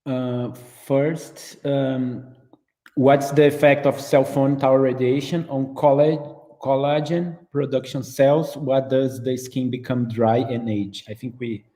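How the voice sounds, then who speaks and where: A male host reads viewers' questions to his guest during a live interview. He speaks hesitantly in simple phrases with a warm, mellow tone. His voice carries a long, roomy reverb. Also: medium pitch, steady tone, takes it slowly.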